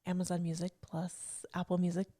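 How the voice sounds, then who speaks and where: A woman's voice: on the low side, monotone, a little fast, warm tone. A woman co-hosting a business podcast in casual chat, upbeat and teasing her partner. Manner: upbeat, teasing, keeps things on track. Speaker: podcast co-host.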